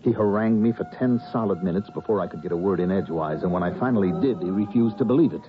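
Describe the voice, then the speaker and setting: An actor playing a quiet astronomy professor who protests and narrates his ordeal, in a 1970s radio drama. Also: low voice, fast, faint music behind, natural voice. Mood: narrating. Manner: indignant, protesting. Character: quiet, retiring male astronomy professor, indignant. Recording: dull vintage radio recording with faint hiss.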